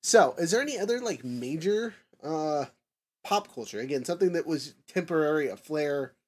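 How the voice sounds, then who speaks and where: A man hosting a casual discussion podcast, rambling with lots of fillers and restarts, nerdy and quick to chuckle at his own tangents. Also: fairly high pitch, animated, breathy edge. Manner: rambling, filler-heavy, self-correcting. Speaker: podcast host.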